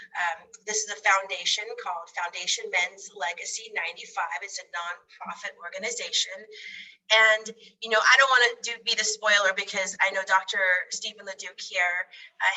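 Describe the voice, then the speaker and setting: A woman's voice: mid-range voice, pushed and bright, distant mic, low-quality recording. A woman with a cold and a stuffy nose, hosting an interview and often repeating her words. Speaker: host.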